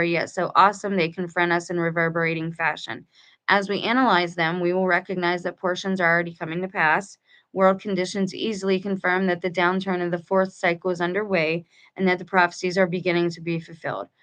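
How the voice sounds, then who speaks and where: A woman with a lowish, fairly bright voice reads a book aloud to her viewers, breaking off for chatty, conversational asides. Her delivery is flat and brisk, and she restarts mid-sentence.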